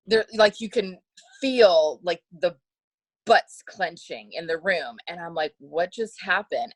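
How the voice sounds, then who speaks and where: A woman chatting as a podcast guest, spinning a lively anecdote and laughing as she goes. She mimics other people's voices mid-story and leans on lots of "like" fillers. Her pitch sits in a middling range, and the recording is dry and close, with no room echo. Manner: animated, acts out quoted voices, many "like" fillers; laughs often while telling.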